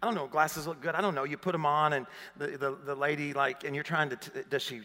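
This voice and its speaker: A man in his fifties from Arkansas with a Southern accent, preaching a sermon, rising to emphatic questions and dropping low for personal stories. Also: fairly even intonation, fast talker, pushed and bright, in a large hall. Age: 50s. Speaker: pastor. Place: large church hall.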